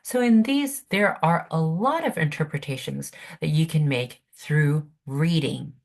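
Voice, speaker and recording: A woman's voice: low voice, unhurried. A woman teaching a literature class online, speaking patiently and checking in with her students over a video call. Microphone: computer mic on video call.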